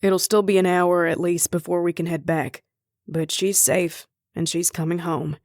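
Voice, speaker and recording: A woman narrator voicing a steady male police chief in an audiobook, speaking low and reassuring. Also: brisk, smooth, no echo, studio quality, natural voice. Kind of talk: audiobook character voice.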